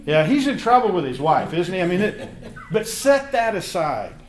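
Brief: male Bible class teacher, fairly high voice, lively storyteller, recorded in a roomy classroom. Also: moderate pace. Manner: animated storytelling, acts out voices in anecdotes.

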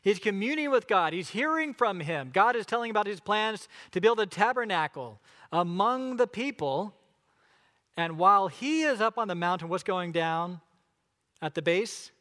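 High-voiced male preacher, questioning. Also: expressive, moderate pace, sharp tone. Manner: asks the listeners questions; dramatic storytelling. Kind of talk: sermon.

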